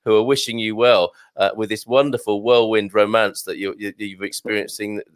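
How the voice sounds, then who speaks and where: A man's voice: on the low side, steady tone, smooth, no echo. A man hosting a live show, chatting and reading out viewer comments with plenty of restarts. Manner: chatty, halting, with many restarts. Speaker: host.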